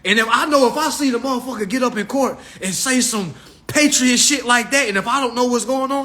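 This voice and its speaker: A man hosting a livestream, ranting comically to his viewers in a profane, animated way and calling them y'all. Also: very high voice, fairly quick. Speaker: livestream host. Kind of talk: casual comedic rant.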